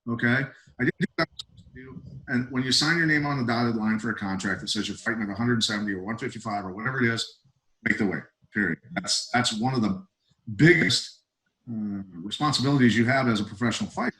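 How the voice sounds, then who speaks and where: Middle-aged male guest, mid-pitched, blunt storyteller with emphatic bursts. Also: quick pace, sharp tone, low-quality recording. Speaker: guest, retired fighter and coach. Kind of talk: casual podcast storytelling.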